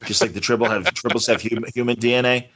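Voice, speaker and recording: A man's voice: medium pitch, fairly even intonation, fast, a bit bright. Rambling, joking male podcast co-host. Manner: rambling, joking, many filler restarts. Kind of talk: casual chat reviewing a TV episode.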